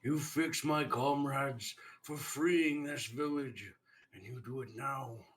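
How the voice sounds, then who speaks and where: A man voicing a blunt male warrior in a tabletop game, speaking forcefully and insistently. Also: mid-range voice, slow, slight background noise, close to an everyday voice. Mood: demanding.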